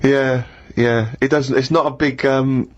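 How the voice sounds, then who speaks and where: A man's voice: mid-range voice, steady tone, unhurried. Rambling man telling stories, lo-fi. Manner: rambling anecdotal storyteller, laughs often. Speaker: co-host. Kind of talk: casual comedic podcast chat. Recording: dull lo-fi podcast audio.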